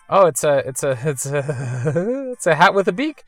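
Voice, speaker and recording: A woman with a low voice rambling through a video game, chatty and amused by her own jokes. Her tone swings up and down lively. Soft game music sits under her voice. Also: moderate pace. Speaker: let's-play gamer. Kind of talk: casual game commentary.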